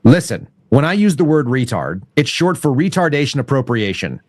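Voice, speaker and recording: A man's voice: medium pitch, very animated, normal speed, no room sound. A man in casual podcast chat, blunt and crude, joking around, with a cough. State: has a cough.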